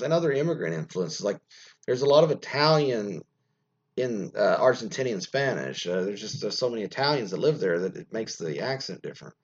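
A man's voice: medium pitch, a little mellow, breathy edge, dull audio. A man hosting a podcast alone, reading from an article and rambling through offhand, profane asides with many fillers. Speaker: podcast host. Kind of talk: casual solo commentary reading from an article.

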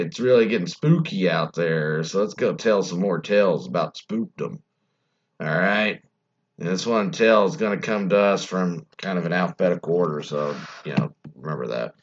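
A man's voice: low voice, lo-fi sound. A man hosting a casual show and telling ghost stories, rambling and adding wry asides. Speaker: host.

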